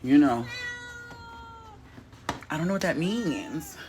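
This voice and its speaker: A man hosting a spiritual healing show, talking in a casual, animated, profane and playful way. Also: on the high side, slow pace, background noise. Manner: animated, profane and playful, acting out quoted voices.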